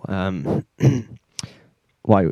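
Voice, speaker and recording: A man co-hosting a comedy podcast, playful and bossy, breaking into loud drawn-out mock announcements. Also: sits low, no room sound, muffled recording. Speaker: podcast co-host.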